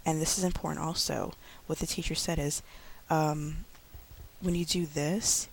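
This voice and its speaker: A woman in her thirties, an online English teacher, giving chatty tips in a casual vlog with many fillers, slowing down to model speech for young learners. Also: sits low, steady tone, vocal fry, a little mellow, breathy edge. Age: 30s.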